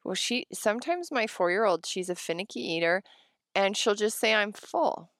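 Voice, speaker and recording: Reflective mom of a four-year-old. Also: female voice, mid-range voice, moderate pace, fairly bright tone, no room sound. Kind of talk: casual chat.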